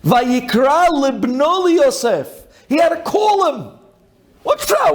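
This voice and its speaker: A man, a rabbi, giving a sermon dramatically, swinging from loud pleading to hushed intensity. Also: very high voice, sing-song, takes it slowly.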